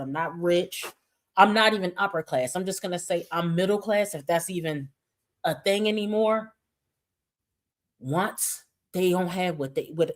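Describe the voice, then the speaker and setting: Blunt, profane woman ranting. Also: mid-range voice. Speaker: livestream host. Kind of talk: livestream commentary reading chat.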